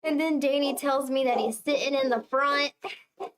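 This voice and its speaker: A young woman chatting casually with her viewers on a tarot reading livestream, telling stories in an animated way. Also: high voice, normal speed. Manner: chatty, animated storytelling, talks to chat. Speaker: tarot reader livestream host.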